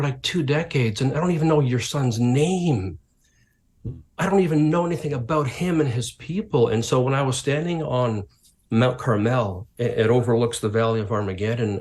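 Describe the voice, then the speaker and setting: This is interview storytelling from a Canadian pastor and author in middle age, who delivers animated anecdotes and imitates the people he quotes. He has a medium pitch and talks at a normal speed.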